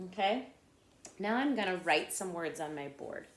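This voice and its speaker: A woman's voice: lowish voice, lively intonation, normal speed, roomy sound, slight background noise. A woman teacher giving a patient phonics lesson to children, often checking in with "okay?" and "right?".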